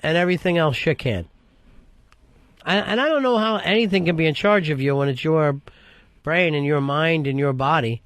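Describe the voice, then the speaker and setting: A male talk radio host pushes and needles in a blunt, profane way. His voice sits a little high for a man. The sound is dry and close into a studio mic. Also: moderate pace, fairly bright tone, no echo. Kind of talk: casual talk radio chat.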